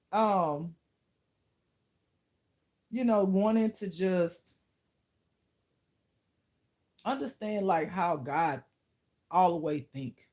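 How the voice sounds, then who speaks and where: A woman's voice: lowish voice, a little mellow. A woman who teaches spirituality, talking to camera in a casual vlog, blunt and profane, often laughing.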